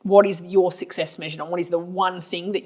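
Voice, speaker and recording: An Australian woman with a somewhat low voice chats casually on a business podcast. She is blunt and colloquial, and she strings her advice into stories. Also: steady tone, fairly quick, darkish tone. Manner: chatty storyteller, blunt and colloquial. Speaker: marketing agency owner and podcast co-host.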